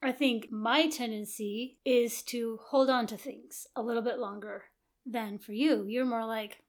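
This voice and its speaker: A woman co-hosting a relaxed podcast about married life, her voice sitting a little on the higher side. She muses aloud in long, reflective sentences and weighs both sides of each point. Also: measured pace. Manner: thoughtful, reflective, talks in long musing sentences. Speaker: podcast co-host. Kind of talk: casual chat.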